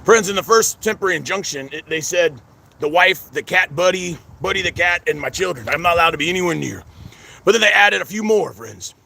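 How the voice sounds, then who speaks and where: A man's voice: high voice, lively intonation, brisk, gravelly, pushed and bright. A middle-aged man, vlogging outdoors in a rambling, stammering way and calling his viewers "friends" again and again. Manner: repeats 'friends' constantly, stammering restarts. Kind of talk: rambling personal vlog. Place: outdoors at a cemetery.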